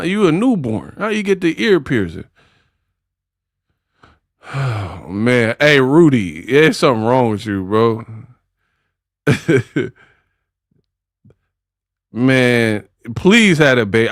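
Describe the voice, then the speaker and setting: A man's voice: mid-range voice, fairly bright tone, no room sound, clean studio sound. A man doing casual live-stream commentary, joking and laughing in slangy banter with his chat.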